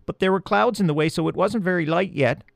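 A man's voice: sits high, quick pace, vocal fry, dry recording, studio quality, voice pushed up. A man voicing a pair of tiny field mice from a storybook who chatter and keep interrupting each other.

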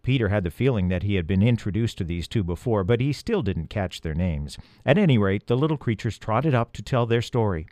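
A man's voice: on the low side, lively intonation, a little fast, hardly any pauses, dry recording, studio quality. Man reading a children's storybook. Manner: gentle, with storyteller asides to the listener. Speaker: audiobook reader.

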